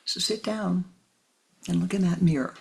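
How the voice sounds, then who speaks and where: A spiritual teacher gives a meditative talk in a gravelly, deeply husky voice of middle pitch. The delivery is slow and deliberate, with phrases repeated for weight. Often the voice sinks to a breathy near-whisper. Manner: addresses listeners tenderly as "my beloved".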